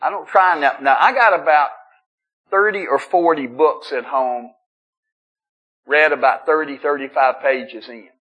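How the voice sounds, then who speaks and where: A man's voice: on the high side, a little slow, lo-fi sound. A middle-aged man speaking at a recovery meeting, telling his story in a casual, humorous way, often stammering and restarting. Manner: conversational storytelling with self-deprecating humor. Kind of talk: personal testimony talk. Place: meeting room.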